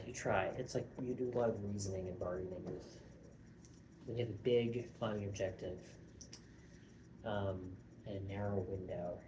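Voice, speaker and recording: A very tired young man rambles through a casual vlog, swearing freely and poking fun at himself. His voice sits a little low, and there is clear room noise under it. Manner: tired, self-mocking and profane, with many restarts. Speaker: vlogger.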